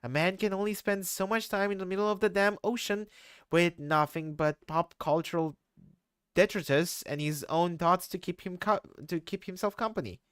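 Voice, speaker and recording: A man's voice: high voice, normal speed, smooth, no room sound, studio quality. A man voicing a laid-back, sardonic teen boy who mocks and swears. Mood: deadpan. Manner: mocking, profane, deadpan jabs.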